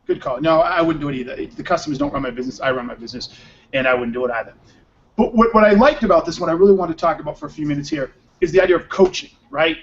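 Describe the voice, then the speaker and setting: Male podcast host, upbeat and joking, higher voice, dull audio. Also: rapid-fire. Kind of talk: casual chat. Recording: muffled lo-fi audio.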